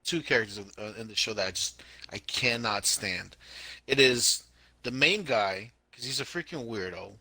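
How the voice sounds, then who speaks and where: Bright-voiced, emphatic podcast guy. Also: medium pitch, moderate pace, no echo. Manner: animated, emphatic, repeats himself. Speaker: podcast co-host. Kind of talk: casual chat.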